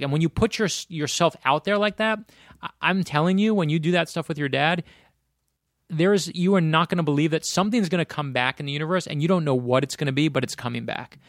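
Gravelly man telling animated stories. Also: on the high side, fairly quick, dry recording, studio quality. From Florida. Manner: animated anecdotes, speeds up in bursts. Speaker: guest author. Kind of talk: casual conversation, storytelling.

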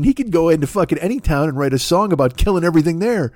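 A man's voice: on the high side, animated, fast talker, darkish tone, no echo, studio quality. A man on a comedy podcast, riffing in a rambling, profane monologue, laughing at his own jokes and acting out voices.

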